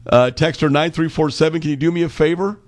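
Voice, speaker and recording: A man's voice: fairly high pitch, steady tone, quick pace, darkish tone. A man hosting a radio morning show, reading listener texts with playful banter and frequent laughter.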